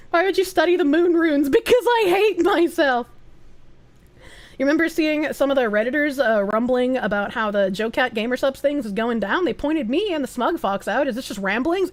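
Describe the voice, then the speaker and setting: Woman, streamer, high lively voice, crude teasing chat. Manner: crude, teasing, bursts of laughter. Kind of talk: casual chat.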